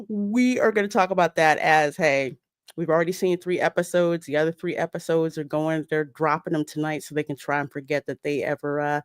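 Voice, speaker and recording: A woman's voice: fairly low pitch, no room sound, studio quality. A woman hosting a live podcast, chatting casually and telling stories with laughs. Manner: animated, laughing storyteller. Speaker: podcast host. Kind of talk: casual live-stream chat.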